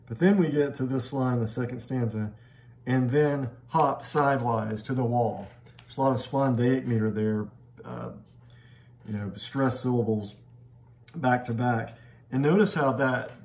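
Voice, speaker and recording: A middle-aged man lecturing on poetry in a relaxed, conversational voice at an ordinary pitch. He often restarts with doubled words as he thinks aloud. When he reads poem lines, he slows down and sounds them out. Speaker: literature lecturer. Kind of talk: recorded lecture.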